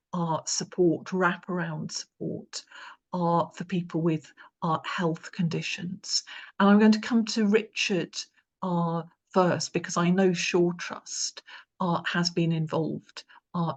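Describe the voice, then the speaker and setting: A woman chairing a panel discussion, speaking in a hesitant, halting way as she hands questions to the speakers. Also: lowish voice.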